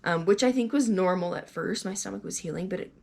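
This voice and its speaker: A woman's voice: mid-range voice, fast, vocal fry, a little mellow. A young woman telling her own story in a candid, conversational vlog, with fillers along the way. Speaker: vlogger.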